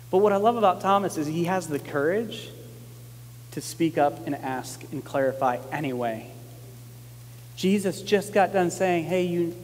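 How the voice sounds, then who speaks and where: A male pastor preaching a sermon in a conversational, emphatic way, repeating key lines and getting animated when he quotes people. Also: fairly high pitch, long reverb tail, slight background noise.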